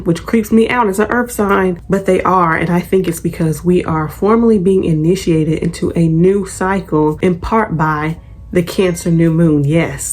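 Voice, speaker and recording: Woman chatting astrology to camera, kinda low and husky, earnest, lots of "right?". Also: a little mellow. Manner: earnest, chatty, repeats words, asks rhetorical questions. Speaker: astrology channel host. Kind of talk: casual forecast talk to camera.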